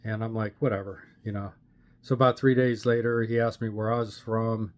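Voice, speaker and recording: An older man from Pittsburgh, Pennsylvania, telling his personal faith story to a camera in an earnest, plain-spoken way with many "uh" pauses. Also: on the low side, flat delivery. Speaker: channel host sharing his testimony. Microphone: camera facing the speaker.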